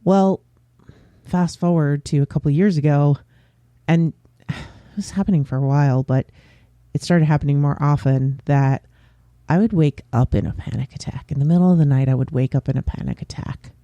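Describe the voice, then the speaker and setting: A man hosting his own podcast, talking openly in a casual, unscripted way with pauses and fillers. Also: on the high side, steady tone, mellow, no room sound, highs cut off. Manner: candid and open, with frequent pauses and fillers. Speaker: podcast host. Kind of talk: casual solo podcast chat.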